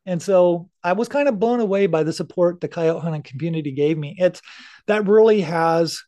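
A man's voice: fairly high pitch, fairly quick, mellow. A middle-aged man talking candidly as a podcast guest, earnest and casual, swearing now and then. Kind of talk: casual interview talk.

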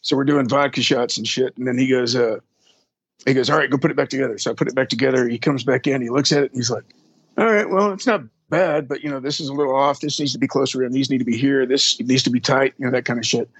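Man, husky and dry, easygoing storyteller with salty language, voices the people he quotes. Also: medium pitch, level tone, fast, dry recording, highs cut off. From Texas. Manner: rambling, profane, acts out quoted people. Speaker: drum tech. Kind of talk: casual storytelling interview.

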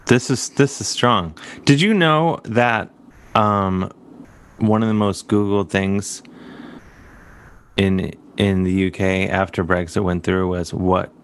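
A Cleveland man hosts a comedy show in a deep, clean voice, speaking at a slow pace. The talk is casual and comedic as he asks playful, teasing questions.

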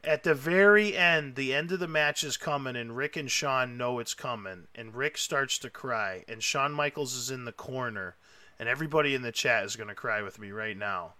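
A man hosting a casual chat, telling a story with excitable, emotional energy and lots of rambling. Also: mid-range voice, normal speed, no echo. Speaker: podcast host.

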